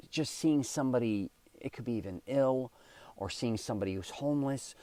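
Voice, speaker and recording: A man's voice: fairly low pitch, darkish tone, dry recording. A man hosting his own podcast, talking casually in a rambling monologue and correcting himself as he goes. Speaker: podcast host.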